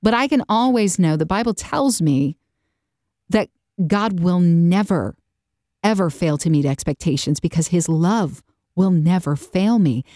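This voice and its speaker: A woman hosting a faith-based podcast, chatting and telling stories with animated, lively delivery and quick jumps into voices. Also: fairly low pitch, no echo, studio quality. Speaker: podcast host.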